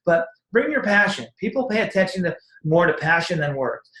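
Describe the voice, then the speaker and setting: A man's voice: sits high, very animated, brisk, sharp tone. A man giving a casual, rambling motivational talk as a network marketing coach, acting out sample conversations with lots of energy. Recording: echoey room.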